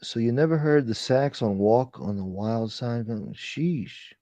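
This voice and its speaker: A man's voice: medium pitch, slow, dark tone, no echo. A man hosting a casual livestream chat, ranting with profanity and thanking viewers for donations. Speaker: livestream host.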